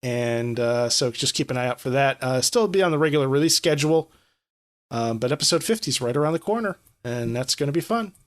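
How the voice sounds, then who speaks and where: A man's voice: medium pitch, animated, a little fast. A young man co-hosting a gaming podcast, chatting casually and laughing often while he tells stories. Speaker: podcast co-host. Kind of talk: casual chat.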